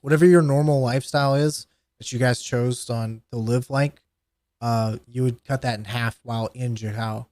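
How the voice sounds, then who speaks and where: A man running a tabletop game as game master, relaxed and joking as he explains the rules. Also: mid-range voice, normal speed.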